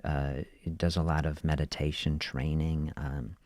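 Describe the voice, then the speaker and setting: A man's voice: rumbling low, flat delivery, a little slow, a little mellow, no echo, clean studio sound. A man hosting a podcast, musing in a reflective spoken monologue and often adding "you know" and "see". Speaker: podcast host.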